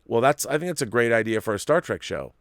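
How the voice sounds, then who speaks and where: A man's voice: mid-range voice, sing-song, fast, a bit bright, no echo, studio quality. A man hosting a commentary show, ranting emphatically and animatedly about a series he dislikes. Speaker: host. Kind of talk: opinionated commentary.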